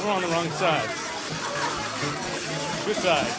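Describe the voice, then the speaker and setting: A man's voice: a little high, expressive, takes it slowly, loud music behind the voice, a loud crowd, poor audio. A man leading a service, telling a holiday story with humor and playful asides in a sanctuary. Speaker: service leader.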